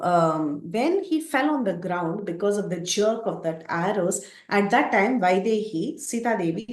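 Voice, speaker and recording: A woman teaching by retelling an epic story in an animated way, with frequent fillers. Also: mid-range voice, roomy sound. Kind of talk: storytelling lecture.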